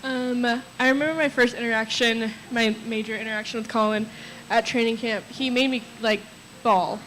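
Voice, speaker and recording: A woman's voice: fairly high pitch, steady tone, moderate pace, background noise. Nervous young woman laughing through memories. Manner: nervous, laughing through anecdotes, chatty with many "like"s. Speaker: friend speaking at a memorial. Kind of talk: memorial tribute, storytelling.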